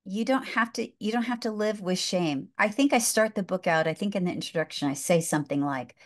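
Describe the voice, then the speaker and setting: A woman's voice: medium pitch, brisk. A woman author speaking as a guest in a faith-based podcast interview, with an impassioned, preacher-like delivery, often repeating and restarting phrases as she builds her point. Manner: emotional, near tears at moments.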